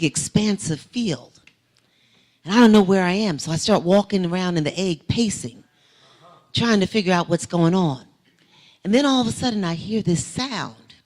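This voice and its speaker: Standing in a church sanctuary as a guest speaker, a woman delivers a testimony sermon in a lowish voice. Her delivery is lively and full of movement, and her story is carried along by rising, emphatic swells.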